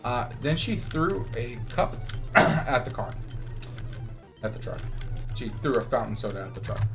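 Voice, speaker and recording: A young man casually telling a sarcastic, animated story while gaming. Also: medium pitch, unhurried, over music. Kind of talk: casual storytelling over gameplay.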